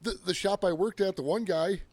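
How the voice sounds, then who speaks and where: A man's voice: high-pitched, fairly quick, a little mellow, no room sound. A man co-hosting a podcast, telling rambling shop stories in casual chat and laughing often. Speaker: podcast co-host.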